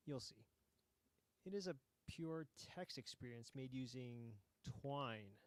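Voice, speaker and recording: A man hosting a game jam, giving relaxed, hesitant commentary with frequent ums while playing a game. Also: medium pitch, no echo.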